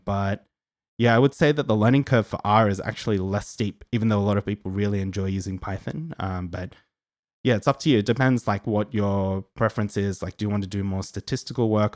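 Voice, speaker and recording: With a fairly low, slightly mellow voice, a young Australian man fields viewer questions during a casual live Q&A he hosts. His friendly, rambling answers are full of ums and restarts, in clean studio sound without echo.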